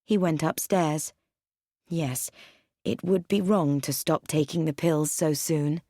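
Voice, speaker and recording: A woman narrating an audiobook with expressive, varied storytelling. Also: sits low, unhurried, dry recording, clean studio sound.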